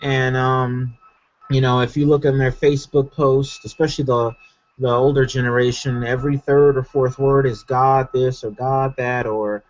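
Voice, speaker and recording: A man's voice: mid-range voice, level tone, moderate pace, muffled recording. An American man in a casual online discussion, rambling and playful, with plenty of fillers. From California, United States. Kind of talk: casual online debate chat.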